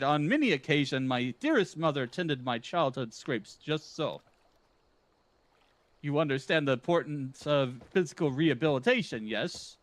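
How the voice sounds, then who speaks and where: A man plays a pompous, theatrical gentleman inspector in a game, delivering lines in a grandiose, flowery way. His voice is fairly high, recorded with no echo.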